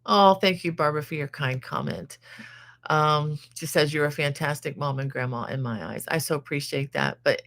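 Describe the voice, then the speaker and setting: A woman in her sixties with a low voice runs a casual live stream. She chats loosely and reads viewer comments aloud, with frequent fillers and restarts. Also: normal speed. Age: 60s. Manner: chatty, warm-hearted, many fillers and restarts. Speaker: crochet channel host.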